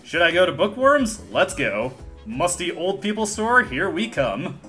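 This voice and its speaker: A man's voice: high-pitched, very animated, measured pace, pushed and bright, faint music behind. An American man hosting a let's play, casually explaining game mechanics with wry asides. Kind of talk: video game commentary.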